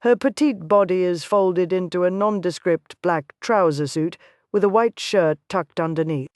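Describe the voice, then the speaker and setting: A woman reading a psychological thriller aloud in first person, in an even, measured way. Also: fairly low pitch, no echo, clean studio sound. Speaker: audiobook narrator. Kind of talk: scripted first-person narration.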